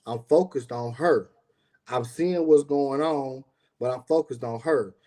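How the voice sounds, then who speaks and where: A man recounting a tense confrontation in loose, casual storytelling. His voice is mellow and dark, with a middle pitch. He acts out what others shouted and peppers his talk with fillers and swearing. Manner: animated, acts out quotes, frequent fillers and profanity.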